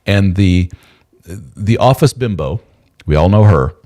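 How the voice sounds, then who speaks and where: Brief: low male host, very lively pitch, animated storyteller on a live chat. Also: takes it slowly. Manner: animated storytelling, acts out quoted voices. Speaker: podcast host.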